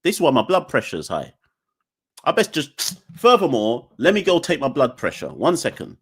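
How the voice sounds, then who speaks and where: A man's voice: mid-range voice, huge pitch swings, moderate pace, breathy edge. A young man, hosting a live call-in podcast in a defiant, joking, ranting manner. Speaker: podcast host. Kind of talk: live call-in show chat.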